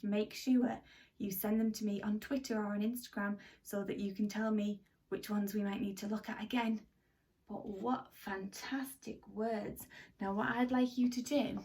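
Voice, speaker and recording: A woman teaching a children's phonics lesson, animated and exaggerated, with gasps and whispered asides. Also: fairly high pitch, far from the mic.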